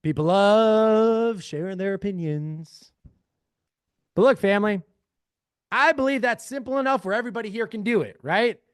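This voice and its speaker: A man's voice: high-pitched, normal speed, clear, resonant tone, no echo, clean studio sound. A man leading a live screen-share workshop, talking energetically and calling his audience family. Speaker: real estate AI trainer.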